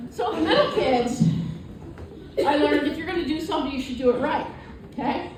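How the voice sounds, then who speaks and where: A woman doing a stand-up comedy set, telling stories with animated voiced asides. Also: sits high, very noisy. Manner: animated storytelling with voiced asides and crowd laughter. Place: comedy club stage. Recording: echoey live venue from far off, audience laughter. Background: audience laughing.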